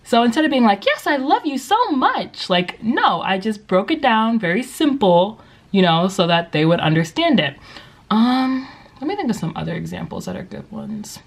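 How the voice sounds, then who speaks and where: A woman's voice: mid-range voice, animated, moderate pace, vocal fry. A young woman who teaches English, giving casual advice in a vlog, chatty and upbeat with lots of likes and you-knows. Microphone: compact vlogging camera.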